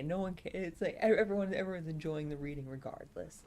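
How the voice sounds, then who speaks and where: Low-voiced woman chatting on stream. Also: fast, hardly any pauses, warm tone. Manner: laughs often, rambling with restarts. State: sore throat. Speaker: streamer reading a novel aloud. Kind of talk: casual live-stream commentary.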